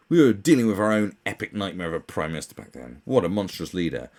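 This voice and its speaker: A man's voice: low voice, very animated, fast talker, few pauses, darkish tone. A man ranting through a commentary video, profane, sarcastic and exasperated. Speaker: commentary channel host.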